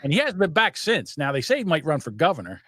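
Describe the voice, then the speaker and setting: A man's voice: on the high side, wildly swooping pitch, fast talker, fairly bright tone, no room sound, clean studio sound. A man, co-hosting a podcast and telling stories in casual, profane political chat. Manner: swearing, emphatic storytelling. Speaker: podcast co-host.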